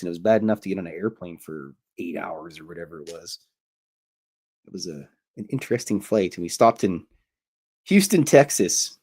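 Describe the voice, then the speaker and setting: Canadian guy hosting, kinda low voice, rambly jokey stories that keep wandering off. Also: a little mellow. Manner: meandering, self-interrupting, jokey. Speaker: cartoonist and show host. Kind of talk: rambling casual storytelling.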